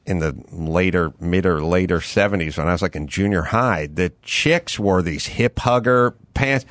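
A man in his fifties or older, hosting a casual studio talk show, telling stories in a rambling, animated way with many restarts. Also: sits low, normal speed, dry recording. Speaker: podcast host. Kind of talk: casual chat.

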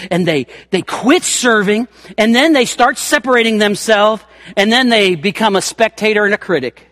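A man's voice: sits high, moderate pace, fairly bright tone, no echo, clean studio sound. A man preaching a sermon in an emphatic, folksy way, acting out the scripture quotes as he goes.

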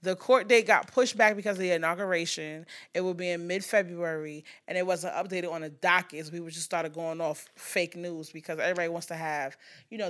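A woman hosting a podcast with a bright, forceful tone. She talks bluntly and swears freely, acting out quotes in an animated way and firing off fast asides. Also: lowish voice. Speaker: podcast host. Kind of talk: casual pop-culture chat.

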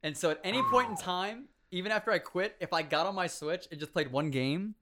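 A man in his twenties casually telling stories about competitive gaming, animated, laughing often and acting out quotes. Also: sits high, fairly quick, background noise. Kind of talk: casual storytelling chat.

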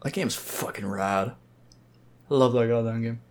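A man's voice: mid-range voice, normal speed, darkish tone. Blunt, opinionated man on a podcast. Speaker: podcast co-host. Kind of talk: casual podcast chat.

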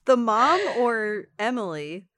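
A woman co-hosting a casual podcast chat, mostly reacting with short remarks and quick questions. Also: on the high side, animated, fairly bright tone. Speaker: podcast co-host listening.

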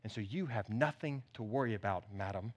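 A man voicing a desperate king who persuades in a low, hushed voice. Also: fairly quick, close to an everyday voice. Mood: coaxing. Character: desperate king making bargains in secret.

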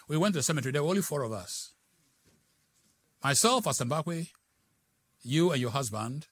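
A middle-aged man preaches with a bright, forceful voice. His pitch leaps and falls all through the sermon, sliding from hushed asides into loud, dramatic exclamations. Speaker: pastor.

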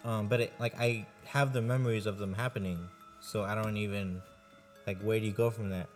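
Low-voiced man rambling casually. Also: fairly even intonation, fairly quick, faint music behind. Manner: rambling, swears often, heavy use of "like". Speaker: podcast co-host. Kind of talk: casual chat.

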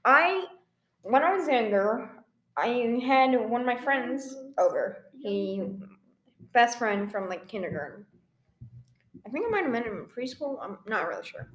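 A young woman with a fairly high voice chats casually as a podcast co-host. She rambles through her stories and acts out the lines she quotes. The sound carries a noticeable room echo. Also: expressive, measured pace, fairly bright tone. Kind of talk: casual chat. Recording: echoey room.

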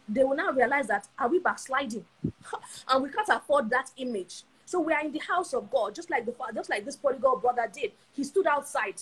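A woman preaching on a live stream from her phone, animated and repeating phrases for emphasis. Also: high-pitched, slightly rough, rough recording. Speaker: Bible teacher.

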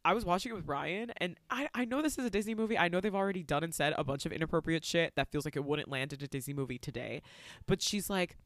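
A woman co-hosting a casual podcast, recapping a movie in a profane, animated, theatrical way. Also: low-pitched, fast, dry recording. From Latin American heritage. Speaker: podcast co-host.

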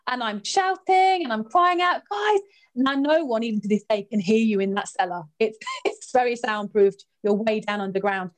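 Woman guest, slightly high voice, lively anecdotal storyteller. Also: normal speed. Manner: lively, expressive, jumps in pitch when recounting drama. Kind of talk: animated anecdote telling.

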